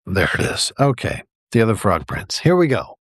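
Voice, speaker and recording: Reading a picture book aloud on a livestream, the host talks at a moderate pace in a fairly low voice whose pitch swoops wildly. His casual storytelling is chatty, rambling, and packed with fillers, and the recording is clean studio sound with no room sound.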